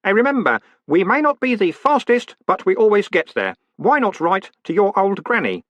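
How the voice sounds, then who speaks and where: A man's voice: very high-pitched, very animated, normal speed, sharp tone, no room sound, dull audio, pitched above the performer's own voice, full character voice. A man voicing a timid, earnest young postal worker who talks in a nervous, naive quaver. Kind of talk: audiobook character voice.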